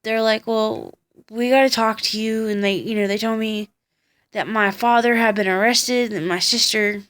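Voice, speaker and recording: A young woman with a somewhat high voice tells her life story to the camera in a vlog. She speaks bluntly, with heavy swearing and heated retellings. She sounds tired. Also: steady tone, normal speed, a bit bright. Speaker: vlogger.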